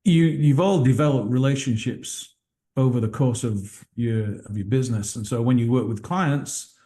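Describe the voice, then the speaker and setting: An English man speaking over a video call, his voice mellow and relaxed. He talks in a chatty, self-deprecating way and explains at length. His pitch sits in the middle range. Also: moderate pace. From England. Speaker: guest team owner.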